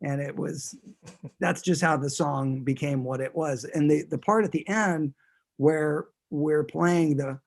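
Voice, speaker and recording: A man's voice: a little high, measured pace, creaky. A man who is a guest musician, chatting casually in an interview and talking in a rambling way, with many restarts.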